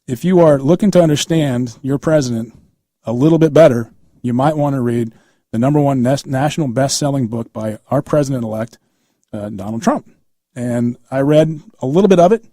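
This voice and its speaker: A man's voice: medium pitch, dark tone, no room sound. A man in his fifties guest-hosting a political talk radio show, telling stories in a casual, conversational way and acting out quoted dialogue.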